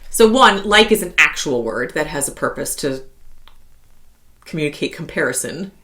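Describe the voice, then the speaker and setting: A woman in her thirties co-hosting a casual podcast, chatty and quick to laugh, filling her talk with likes. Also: sits low, expressive, a bit bright. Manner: chatty, laughs often, heavy use of like as a filler. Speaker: podcast co-host. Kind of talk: casual conversational podcast chat.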